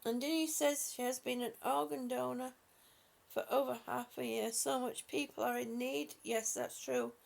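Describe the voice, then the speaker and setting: A woman hosting a live stream, speaking softly and affectionately to her viewers with halting, repeated words. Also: high-pitched, steady tone, gravelly. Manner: soft, affectionate, calls viewers honey and sweetie. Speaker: livestream host reading viewer comments. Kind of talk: slow casual live chat.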